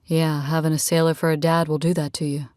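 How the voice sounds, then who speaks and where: Audiobook: woman reading easygoing rugged guy, lowered voice, dry close read. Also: flat delivery, a little fast, darkish tone, no room sound, close to an everyday voice. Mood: teasing. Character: tall rugged man, easygoing and teasing.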